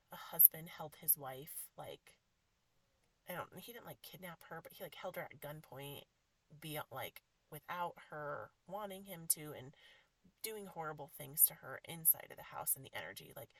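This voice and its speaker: Sitting far from the mic, a woman hosting a podcast tells a personal story with emotion, her low, slightly bright voice full of fillers and often dropping to a whisper.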